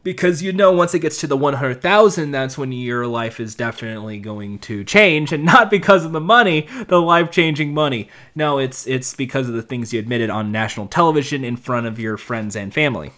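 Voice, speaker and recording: A man's voice: medium pitch, expressive, a little fast, hardly any pauses, a bit bright. A man giving a casual, opinionated commentary monologue, thinking aloud with frequent restarts.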